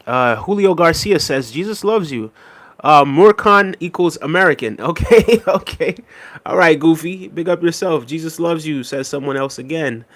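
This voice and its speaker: A man hosting a casual livestream, reading out viewer comments and thanking them in a relaxed, easygoing way with soft laughs. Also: a little high, normal speed, no room sound. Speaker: livestream host. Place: New York City.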